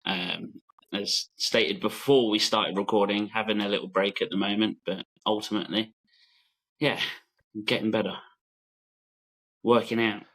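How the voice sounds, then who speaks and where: Low bright-voiced man, laughing. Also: unhurried, long pauses, poor audio. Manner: laughs often, relaxed and chatty. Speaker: regular podcast guest. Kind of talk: casual podcast chat.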